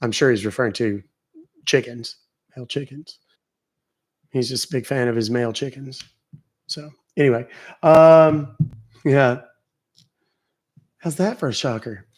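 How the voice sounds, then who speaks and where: A man's voice: mid-range voice, unhurried, pauses often, a little mellow. Joking, foul-mouthed male stream host. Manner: joking, profane, chatty with the audience. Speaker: livestream host. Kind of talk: casual live-stream chat.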